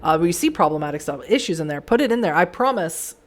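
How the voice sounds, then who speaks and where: A woman streamer talking casually to her stream audience in a chatty, enthusiastic way, her voice hoarse and giving out. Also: fairly low pitch, animated, quick pace. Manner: chatty, enthusiastic, many fillers. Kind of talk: casual livestream chat.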